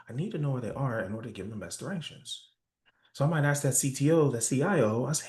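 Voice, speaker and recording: A man's voice: medium pitch, animated, quick pace, darkish tone, echoey room. A man giving a sales training talk in a conversational style, often checking in with "right?". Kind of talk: workshop presentation.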